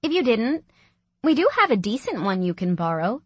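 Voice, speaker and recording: A woman's voice: on the high side, big pitch swings, normal speed, slightly rough, no echo. Woman voicing a chatty young mother, upbeat, practical, audiobook, dry.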